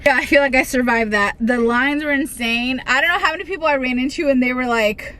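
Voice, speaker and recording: A young woman with a slightly high voice chats casually to the camera in her home kitchen. She rambles and restarts her sentences, talking the viewers through her day. A faint hiss sits under her voice. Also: a little fast, bright, forceful tone. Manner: chatty and rambling, with frequent restarts. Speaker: vlogger.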